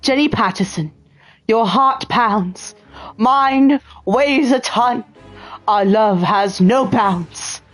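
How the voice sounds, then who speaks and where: A woman's voice: fairly high pitch, slow, soft background music, rough recording. A woman putting on a gushing British lover. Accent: put-on British. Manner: theatrical, gushing, sing-song. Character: lovesick young male prison guard writing to his sweetheart.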